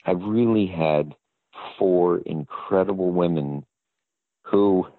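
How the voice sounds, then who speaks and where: Deep older man on a tinny line. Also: takes it slowly, dry recording. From American South. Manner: rambling and hesitant, with many fillers and restarts. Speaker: interview guest. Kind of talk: casual anecdotal storytelling. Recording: dry, phone-like line.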